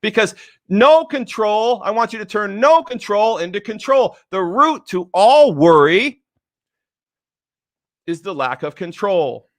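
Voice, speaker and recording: A middle-aged man giving a motivational talk, excitable and emotional, repeating phrases for emphasis and swinging from quiet, low stresses to loud, excited bursts. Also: unhurried, dry recording. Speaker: motivational speaker.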